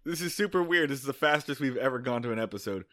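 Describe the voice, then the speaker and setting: A man's voice: medium pitch, animated, quick pace, fairly bright tone, dry recording, studio quality. A man co-hosting a comedy podcast, bantering sarcastically and swearing casually. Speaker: podcast co-host.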